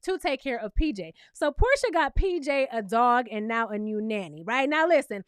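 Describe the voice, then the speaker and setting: A woman's voice: a little high, very animated, normal speed, clear, resonant tone, no echo, clean studio sound. A woman with a New York accent who is from Brooklyn, recapping a reality show in a sassy, chatty way and often asking the viewer "okay?".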